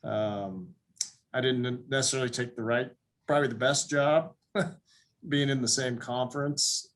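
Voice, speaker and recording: Middle-aged male coach, thoughtful and halting on a podcast. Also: mid-range voice, a bit bright. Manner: halting, full of hesitations. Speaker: basketball coach guest. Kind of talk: reflective podcast conversation.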